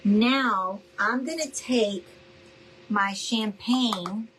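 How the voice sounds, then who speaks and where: Slow, chatty craft host woman. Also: mid-range voice, fairly bright tone, a little hiss or hum, rough recording. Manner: chatty, addresses viewers as y'all, checks in with okay?. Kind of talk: live crafting demonstration.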